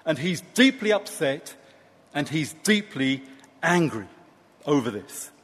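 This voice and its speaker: A man preaching a sermon, slow and emphatic with dramatic pauses. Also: fairly high pitch, sing-song, a bit bright, slightly rough, big-room sound.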